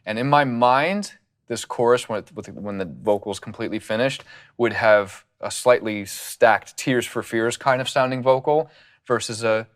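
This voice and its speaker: A man talking casually through his studio process as a music producer, relaxed and rambling with plenty of fillers, on a studio condenser mic. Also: mid-range voice, a little slow.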